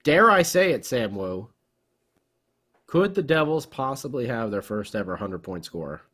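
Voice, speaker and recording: A man co-hosting a casual hockey podcast, jokey and excitable, laughing often as he chats. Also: medium pitch, moderate pace. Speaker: podcast co-host.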